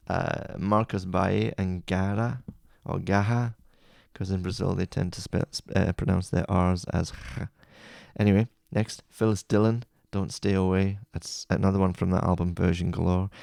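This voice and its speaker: A very low-pitched man with a heavily gravelly, dark voice talks through his favourite songs in a casual, rambling way. He often second-guesses and corrects himself mid-thought. The sound is dry, with no room echo. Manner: chatty, rambling, self-correcting. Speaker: music playlist host. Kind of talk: casual chat about music.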